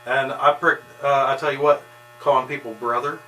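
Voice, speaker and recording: A man's voice: medium pitch, steady tone, normal speed, sharp tone, roomy sound. A man working as a barber, chatting in an easygoing, folksy, rambling way while he cuts hair. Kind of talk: casual chat while cutting hair. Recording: distant mic with electrical hum and clipper buzz.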